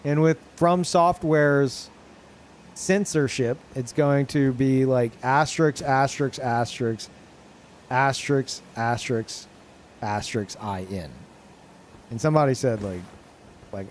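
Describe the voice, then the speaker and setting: Young male streamer, rambling casual chat, medium pitch, faint hiss behind. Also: a little slow, long pauses, darkish tone. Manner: rambling, lots of fillers and restarts.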